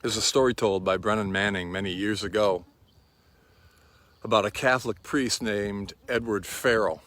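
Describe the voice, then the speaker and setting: A man preaching a sermon in a slow, reflective and quietly earnest way. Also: lowish voice.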